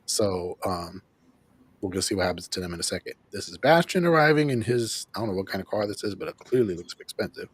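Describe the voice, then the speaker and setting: A man hosting a show, casually recapping an episode in an animated way, acting out lines and laughing often. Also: low-pitched, quick pace, husky, no echo. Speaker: host of a show reviewing an episode.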